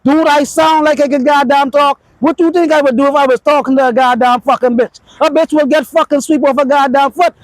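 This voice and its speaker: Man, very high-pitched, boastful profane ranting, dry close sound. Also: steady tone, a little fast, few pauses, dry recording, poor audio. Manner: boastful, profane, loud and emphatic, rambling. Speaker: dating advice vlogger. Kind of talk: unscripted profane rant to camera.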